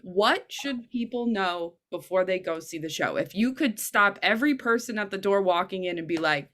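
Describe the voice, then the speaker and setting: A woman hosts a relaxed theatre interview, asking the cast questions and responding with eager, upbeat praise. Her voice sits at an ordinary middle pitch. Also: normal speed, hardly any pauses. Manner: enthusiastic, full of praise. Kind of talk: casual interview.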